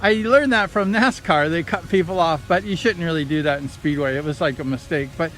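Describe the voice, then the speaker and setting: High-voiced man telling racing stories. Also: brisk. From Southern California. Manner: rambling, excited retelling with quoted voices. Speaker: vlogger recounting racing days. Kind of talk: casual storytelling.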